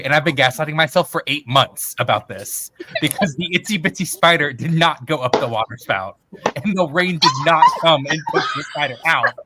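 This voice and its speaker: A man telling a self-mocking story in casual, animated chat with a friend. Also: a little high, noisy background.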